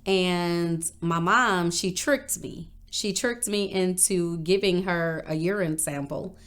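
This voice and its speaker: Lady from northern illinois telling stories on a podcast, kinda low voice, really animated, does everybody's voices. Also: takes it slowly. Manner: animated, acts out quoted voices with big pitch jumps. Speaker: interview guest. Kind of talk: casual interview storytelling.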